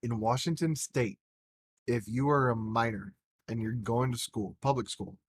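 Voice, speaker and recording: Guy on a podcast, cussing a lot, rambly storyteller, mid-pitched voice. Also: normal speed, slight background noise. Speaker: podcast co-host. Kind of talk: casual podcast chat.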